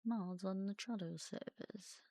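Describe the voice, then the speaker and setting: Creaky-voiced woman streamer reading posts. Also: medium pitch, dark tone, dry recording, clean studio sound. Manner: halting, mumbling at times. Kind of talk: reading forum posts aloud while gaming.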